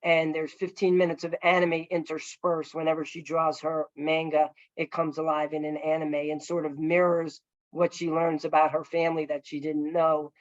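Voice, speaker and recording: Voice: mid-range voice, level tone, moderate pace, no room sound, lo-fi sound. A filmmaker telling a long story over a video call, earnest and rambling, with many fillers and restarts. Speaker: filmmaker guest.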